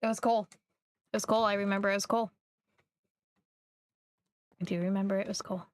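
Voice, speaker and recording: A young woman from Missouri, chatting casually and rambling while she streams a game, quick to poke fun at herself. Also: mid-range voice, steady tone, no echo. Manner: rambling, chatty, self-deprecating. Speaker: livestreamer. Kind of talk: casual live gameplay chat.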